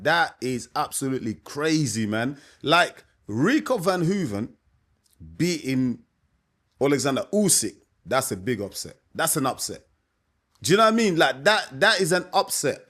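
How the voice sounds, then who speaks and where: A boxing coach who hosts his own channel gives his opinion to the camera, casual and emphatic, often tossing in "you know what I mean." His voice sits on the high side and sounds a bit bright.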